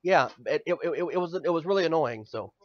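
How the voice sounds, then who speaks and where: A man's voice: a little high, expressive, brisk, dry recording, muffled recording. A man co-hosting a casual gaming podcast, stammering through restarts and swearing freely. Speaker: podcast co-host.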